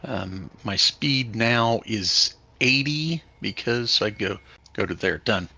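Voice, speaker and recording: A man playing a tabletop game, deliberate, working out his moves and sums aloud. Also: on the low side, creaky, bright, forceful tone. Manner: slow, deliberate, adding up numbers aloud. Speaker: player. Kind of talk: casual tabletop play.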